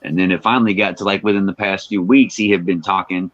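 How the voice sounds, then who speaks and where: A man's voice: sits low, fast, no room sound, dull audio. A man, a rapper guest telling stories in casual interview chat and acting out quotes. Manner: animated storyteller, acts out quotes.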